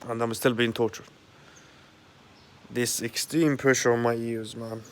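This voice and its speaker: A man in a rambling monologue at home, agitated and profane, halting often with fillers. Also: medium pitch, flat delivery, a little hiss or hum. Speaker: vlogger. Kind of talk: rambling direct-to-camera monologue. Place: at home, indoors.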